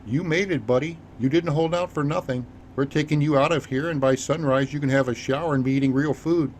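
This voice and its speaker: A man's voice: on the high side, steady tone, brisk, darkish tone, a little hiss or hum, close to an everyday voice. A man voicing a male fighter with a reassuring manner.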